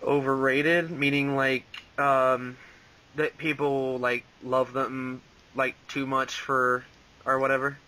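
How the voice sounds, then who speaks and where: A man's voice: mid-range voice, level tone, slow, pushed and bright, rough recording. A young man rambling casually as an interview guest, full of "like" and "um" and frequent laughs. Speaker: interview guest, fan voice actor.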